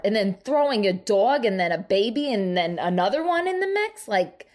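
A woman's voice: medium pitch, a little slow. Chatty, dramatic woman podcast host. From New Jersey. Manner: animated, self-mocking, dramatic, swears freely. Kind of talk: casual solo podcast chat.

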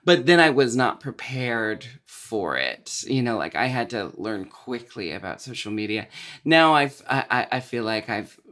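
Man, 30s, podcast host; bright tone, casual and giggly, lots of "um". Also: medium pitch, sing-song, measured pace. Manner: laughs often, chatty with many fillers. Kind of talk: casual interview chat.

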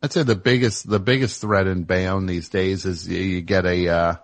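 A man with a somewhat low voice hosts a comedy call-in show. He teases his callers and riffs in a loose, rambling way. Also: fairly even intonation, normal speed. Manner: teasing, riffing and rambling. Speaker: host.

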